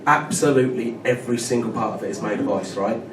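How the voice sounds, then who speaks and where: A man in his thirties working a pub crowd with a stand-up set, chatty and always checking in with his listeners. He is caught from a distance in a boomy room, with loud noise running underneath. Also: fast, roomy sound. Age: 30s. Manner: chatty, keeps checking in with "right?". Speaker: stand-up comedian. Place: pub comedy night with a live audience.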